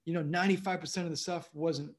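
A man's voice: a little high, steady tone, fast. A man who is a comedian, a guest on a casual interview, telling rambling stories and often asking "you know what I mean".

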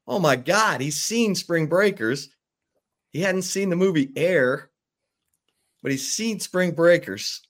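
A man's voice: a little high, animated, slow, fairly bright tone. A man co-hosting a sports podcast, enthusiastic and teasing his co-host in casual talk.

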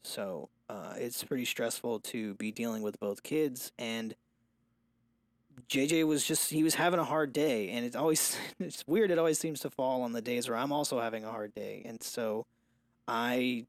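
A young man speaks as a father on a casual podcast, candid and a little rambling, often restarting his thoughts. His voice sits at a middling pitch. The sound is dry and close, with almost no room. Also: moderate pace, no echo. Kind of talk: casual chat.

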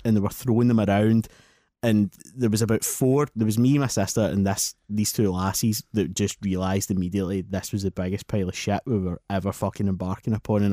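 A Scottish man telling a sweary, animated anecdote on a casual podcast. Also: fairly low pitch, dry recording, clean studio sound. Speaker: podcast host. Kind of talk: casual storytelling.

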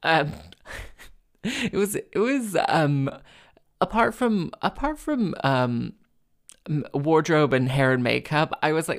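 A woman's voice: rumbling low, a little slow, gravelly. A woman, a harpist, telling a story to camera in a rambling, self-interrupting way, with many fillers, restarts and wry acted-out quotes. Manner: wry, acts out other people's lines.

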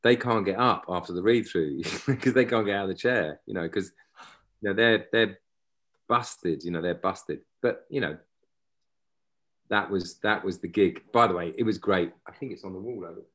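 A man's voice: low-pitched, moderate pace, a bit bright. A man, a guest actor telling rambling stories in casual chat and often breaking off mid-sentence. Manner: rambling, self-interrupting, anecdotal.

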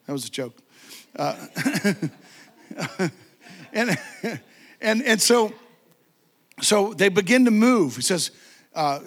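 High-voiced, fervent preacher. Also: male voice, animated, measured pace, pauses often, a bit bright. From United States. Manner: fervent, conversational preaching with frequent repetition and asides; laughs often and acts out quotes. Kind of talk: sermon.

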